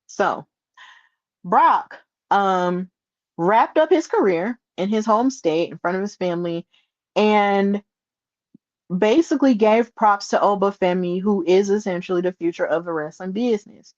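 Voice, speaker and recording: A woman hosting a solo podcast, retelling events in an excitable, animated way with playful asides. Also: medium pitch, unhurried, no echo, muffled recording. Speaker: podcast host.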